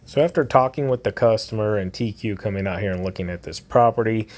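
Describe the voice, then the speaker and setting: A man's voice: lowish voice, fast talker. A man who owns a lawn care and storage business, talking casually to camera outdoors in a rambling way with plenty of fillers. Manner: conversational, rambling with many fillers. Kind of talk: casual vlog talk to camera. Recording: loud outdoor background noise.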